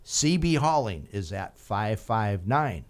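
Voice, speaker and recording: A man's voice: fairly low pitch, sing-song, takes it slowly. A man hosting a local radio talk show, chatty and laughing easily as he tells stories.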